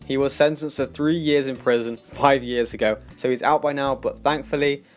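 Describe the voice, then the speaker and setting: A man with a British accent narrating a forum story in a steady, scripted read. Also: medium pitch, moderate pace. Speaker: story reader. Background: faint background music.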